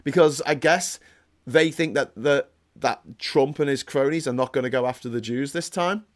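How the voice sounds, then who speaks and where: A man's voice: medium pitch, normal speed. A man hosting a casual political commentary livestream. He rambles and restarts often, gets heated, and reads out viewer comments. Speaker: host.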